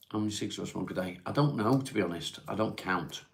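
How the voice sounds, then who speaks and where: Low, gravelly man chatting on stream. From England (Cheshire). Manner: laid-back, unhurried, reads chat questions aloud then answers plainly. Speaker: livestream host. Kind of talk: casual livestream chat answering viewer comments. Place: at home, smoking while streaming.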